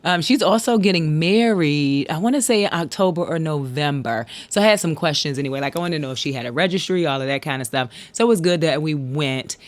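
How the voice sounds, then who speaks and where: A woman's voice: low-pitched, fast, few pauses, no room sound. A middle-aged woman, chatting casually to viewers in a late-night home vlog and laughing often. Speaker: vlogger. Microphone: handheld pocket camera.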